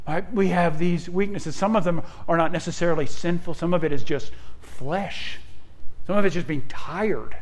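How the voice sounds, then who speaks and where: A middle-aged man preaching a sermon as a pastor, mixing conversational personal stories with fervent, rising emphasis. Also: normal speed. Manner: rises to fervent, high-pitched emphasis at key points.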